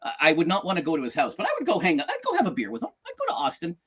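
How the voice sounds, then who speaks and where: A man's voice: a little high, huge pitch swings, rapid-fire, fairly bright tone, husky. A middle-aged man co-hosting a podcast in casual chat, joking and repeating himself. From outside the United States. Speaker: podcast co-host.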